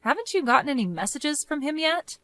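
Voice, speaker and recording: A young woman speaks in a cold, firm, measured voice, bright and clear in tone. Her voice sits close and dry on the mic, with no room around it. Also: high voice, big pitch swings, no room sound. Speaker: narrator and main character. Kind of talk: scripted story voice acting.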